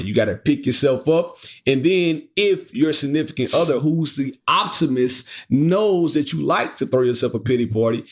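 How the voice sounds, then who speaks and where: A man co-hosting a podcast with his wife, talking in a casual, joking, animated way. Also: medium pitch. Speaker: podcast co-host. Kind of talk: casual chat.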